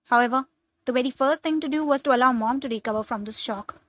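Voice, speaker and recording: Young woman reading a spooky first-person story, high voice, dramatic. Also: fast, fairly bright tone, poor audio. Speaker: narrator.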